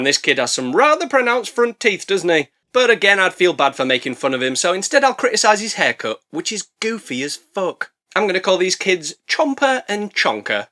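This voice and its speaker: A man narrating a comedy movie review with sarcastic asides. His voice sits fairly high and bright. It swings up and down in lively jumps. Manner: sarcastic, jokey, lots of asides.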